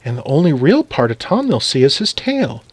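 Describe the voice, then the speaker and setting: A man voicing a gentle, anxious tiny mother who frets softly. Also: mid-range voice, very animated, normal speed, slightly rough, no echo. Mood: fretful.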